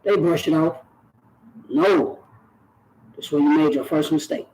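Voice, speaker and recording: Earnest high-voiced man preaching to camera. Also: measured pace, a little mellow, low-quality recording. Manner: earnest and preachy, repeats phrases for emphasis. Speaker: YouTube channel host. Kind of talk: direct-to-camera talk.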